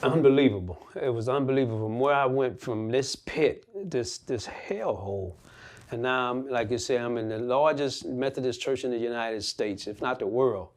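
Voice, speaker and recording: A man, a pastor, telling his own story in an interview, earnest and animated, acting out the voices he quotes. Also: mid-range voice, normal speed. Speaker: pastor and guest. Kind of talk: emotional personal storytelling.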